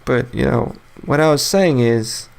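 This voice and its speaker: A man's voice: mid-range voice, a little slow, gravelly. Rambling young man hosting a solo podcast. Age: 20s. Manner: rambling, many fillers and restarts, laughs often. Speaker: podcast host. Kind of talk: casual solo podcast monologue.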